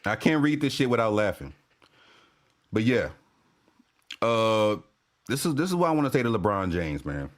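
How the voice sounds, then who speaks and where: A man's voice: on the low side, sing-song, normal speed, pauses often. A man rants about basketball to his camera, his voice swinging widely up and down. He keeps breaking into laughter, swears freely and repeats his lines over and over. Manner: laughing, profane, repeats himself. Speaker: sports fan commentator. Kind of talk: casual rant to camera.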